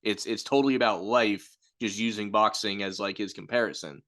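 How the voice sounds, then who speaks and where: Casting: low-pitched man, reflective co-host, long easy explanations. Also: steady tone, fairly quick, fairly bright tone. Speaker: film review podcast co-host. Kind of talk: casual chat.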